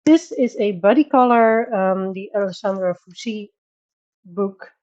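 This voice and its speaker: Dutch-accented woman, relaxed unhurried livestream host, chatty with frequent laughs, dull lo-fi sound. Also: mid-range voice. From Netherlands. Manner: chatty, laughs often, greets viewers by name. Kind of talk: casual livestream chat. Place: home bedroom.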